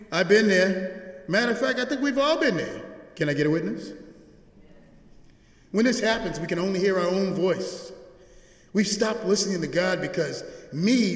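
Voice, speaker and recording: A man delivers a sermon in a large church, his fairly high voice rising to emphatic peaks and falling to hushed lows. His preaching has a rhythmic call-and-response pull, and the sound rings out with a long, roomy reverb. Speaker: pastor. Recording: echoey church hall.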